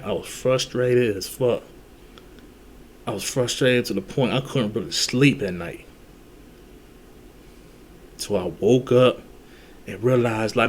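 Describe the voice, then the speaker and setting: A man's voice: medium pitch, a little hiss or hum. A man giving dating advice in a casual, blunt monologue, full of slang, cursing and restarts. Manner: blunt, heavy slang and cursing, repeats himself.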